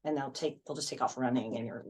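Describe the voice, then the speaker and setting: A woman's voice: very deep voice, fast talker. A woman, chatting as a voice-actress guest in an interview. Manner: chatty, animated storyteller. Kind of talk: casual interview chat.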